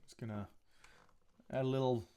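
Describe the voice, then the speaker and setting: A man with a mid-pitched voice chats casually on a live stream as he edits his photos. He thinks aloud, restarts his sentences and drifts into small asides. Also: steady tone, normal speed, mellow, smooth. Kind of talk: casual live-stream talk while editing. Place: home photo studio.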